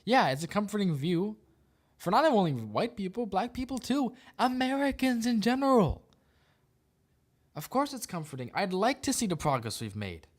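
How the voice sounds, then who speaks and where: A man's voice: high-pitched, big pitch swings, moderate pace. A man hosting a podcast, giving casual opinion commentary in a sarcastic manner and laughing often. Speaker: podcast host.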